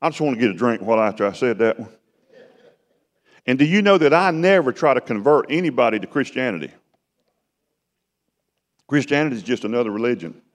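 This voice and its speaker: A man delivers a sermon in a folksy, conversational manner, often swelling louder and higher. His pitch moves a great deal from phrase to phrase. The sound carries the long reverb of a large hall. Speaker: preacher.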